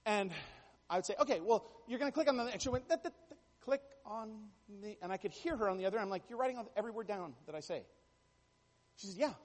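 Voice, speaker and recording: A man's voice: high-pitched, expressive, quick pace, in a large hall. A man preaching a sermon, telling stories with jokey asides and building to emphatic bursts. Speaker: pastor.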